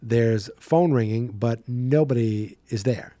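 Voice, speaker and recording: On his horror movie podcast, a man with a mid-range voice recaps a film in a chatty, animated style, slipping into quick character voices. There's no echo.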